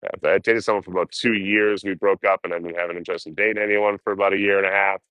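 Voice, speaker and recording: A man's voice: deep voice, fairly even intonation, racing, pushed and bright, smooth, dry recording. A man chatting casually with his livestream viewers, rambling and swearing as he talks about life on the road. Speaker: livestreaming traveler.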